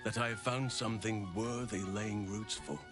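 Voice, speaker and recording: Male actor as a gentle old elf druid for a fantasy game, measured and soft, slightly low voice. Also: fairly even intonation, over music, lightly acted. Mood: tender. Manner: soft-spoken, measured, warm. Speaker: game character.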